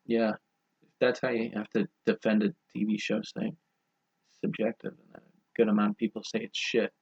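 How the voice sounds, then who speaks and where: A man's voice: lowish voice, little pitch movement, normal speed, a little mellow, breathy edge. A young man co-hosting a podcast, chatting casually and making crude, rambling jokes. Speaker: podcast co-host. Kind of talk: casual chat. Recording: dull lo-fi podcast audio.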